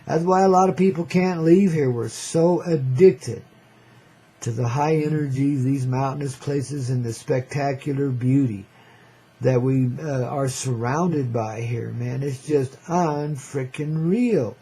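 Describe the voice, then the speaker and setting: An older man hosting his own radio show, rambling along in a laid-back hippie drawl. His voice is gravelly, husky and mellow. He says "man" every few lines and keeps breaking into chuckles. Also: mid-range voice, a little slow. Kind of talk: rambling casual radio monologue.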